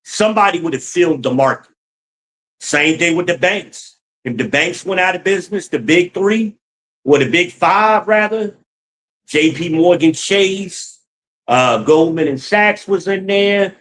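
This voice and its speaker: A man's voice: sits high, animated, a little slow, fairly bright tone, poor audio. A man hosting a livestream. He reads chat aloud, cusses freely, laughs often and calls his viewers y'all. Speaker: livestream host reading chat. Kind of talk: casual livestream commentary.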